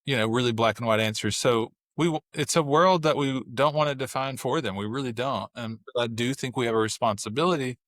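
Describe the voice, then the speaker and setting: A man, a father, talking as a podcast guest, telling family stories with lively, acted-out bits of dialogue. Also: medium pitch, a little fast, few pauses, dry recording, studio quality. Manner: animated storyteller, acts out family dialogue. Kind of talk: casual chat.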